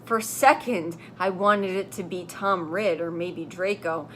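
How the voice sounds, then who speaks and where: A young woman reading a fan story aloud for comedy, deadpan and sarcastic, with joking asides. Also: fairly low pitch, a little slow, a little hiss or hum. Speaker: comedy reader.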